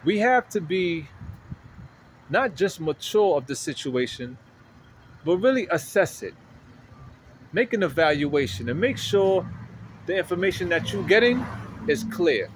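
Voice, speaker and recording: A man telling a story in a casual vlog, animated and slangy, often checking in with the listener, outdoors on a city street. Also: sits high, slight background noise, rough recording. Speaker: vlogger.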